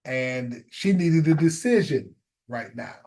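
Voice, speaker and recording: A man's voice: fairly high pitch, lively intonation, slow, a little mellow. A middle-aged man telling a personal story in a casual, reflective way, repeating key phrases for emphasis before drawing a life lesson.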